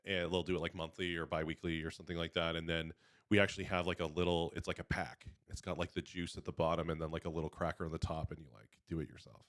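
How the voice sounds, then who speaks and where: A young man with a low voice hosts a casual podcast chat. He rambles and corrects himself mid-sentence. The sound is dry and close. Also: flat delivery, fast, fairly bright tone, no room sound. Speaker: podcast host.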